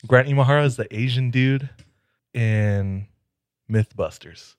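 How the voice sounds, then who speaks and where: A relaxed man chatting on a podcast in a middle-pitched voice. He tells stories in an easygoing, unhurried way. The sound is dry and close, with no room echo. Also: smooth. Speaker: podcast co-host. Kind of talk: casual chat.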